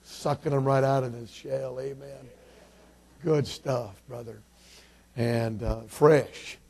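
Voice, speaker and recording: A man from Illinois, a visiting Baptist preacher, moving from quiet thanks to loud, emphatic preaching and King James scripture reading. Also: mid-range voice, fairly even intonation, slow, vocal fry. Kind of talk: sermon.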